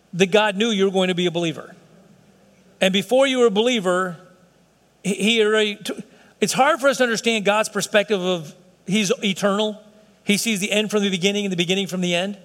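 High-voiced man preaching in a reverberant church. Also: fairly bright tone. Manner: emphatic, conversational preaching with acted-out quotes. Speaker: pastor. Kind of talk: sermon. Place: church sanctuary. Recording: long reverb of a hall.

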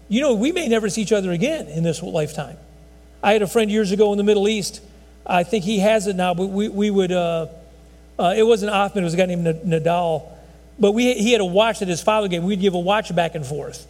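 A man's voice: high voice, brisk, darkish tone. A man preaching a conversational sermon in a folksy, rambling way, often restarting his sentences. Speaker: pastor. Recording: long hall reverb.

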